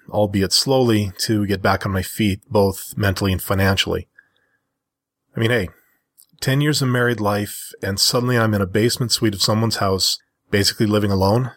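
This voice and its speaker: Husky low-voiced man reading his story. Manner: measured, steady reading with a candid aside. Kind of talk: first-person story reading.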